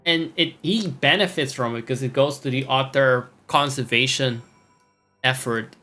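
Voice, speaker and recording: A man's voice: medium pitch, a little slow, bright, forceful tone, faint music behind. A man streaming a game, making sardonic, profane asides and reading the game dialogue aloud. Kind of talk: casual gameplay commentary.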